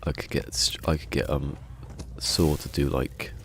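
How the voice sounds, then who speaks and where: A man's voice: a bass voice, level tone, unhurried, fairly bright tone, slight background noise. An English man streaming a game live, chatting casually in a rambling way, often restarting his sentences. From England.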